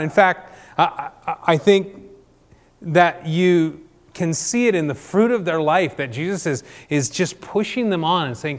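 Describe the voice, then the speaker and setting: A man leading an informal church group talk, posing questions and filling gaps with ums and restarts. His voice sits fairly high for a man. A long reverb trails each phrase in the hall. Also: unhurried. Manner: conversational, many fillers and restarts, asks questions.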